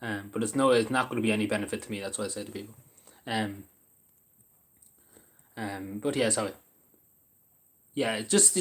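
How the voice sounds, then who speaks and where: An Irish man chatting casually on a live stream, answering chat and eating as he talks, rambling with lots of ums and restarts. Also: medium pitch. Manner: eats while talking. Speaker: livestreamer reading chat.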